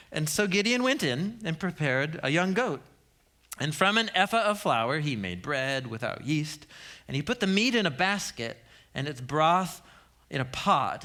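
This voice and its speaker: A man's voice: fairly high pitch, sing-song, moderate pace, bright, forceful tone. A man in his thirties teaching a sermon as a Bible teacher, a humorous storyteller who laughs often.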